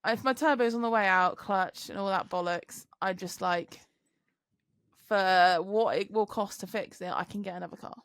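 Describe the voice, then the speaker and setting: A young woman, co-hosting a podcast, telling a work story in casual, sweary chat and mimicking other people in higher voices. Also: normal speed, a bit bright, dry recording, studio quality. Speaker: podcast co-host, truck driver.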